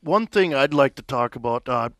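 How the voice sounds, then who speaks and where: A man's voice: mid-range voice, lively intonation, moderate pace, a bit bright. A man co-hosting a radio show, interviewing a guest in a chatty, teasing way.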